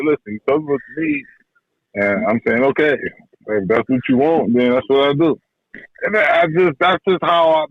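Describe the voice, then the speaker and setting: A man who trains boxers tells stories about his mentor in a relaxed, slangy way, often repeating himself. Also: a little high, no room sound. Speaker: boxing trainer, guest. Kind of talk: casual interview talk. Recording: dull podcast audio, dry.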